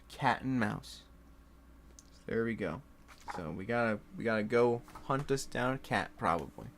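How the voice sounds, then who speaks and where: Young guy playing a board game by himself, swears a lot, jumpy pitch. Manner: swearing, laughing, excitable, talks to his pieces. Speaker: solo board game host. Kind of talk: casual solo play commentary.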